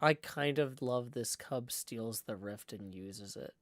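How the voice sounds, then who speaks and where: A man's voice: mid-range voice, slow, few pauses, no room sound. Rambling man streaming. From Nashville, US. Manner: rambling, self-deprecating, full of "like". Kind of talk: casual livestream chat.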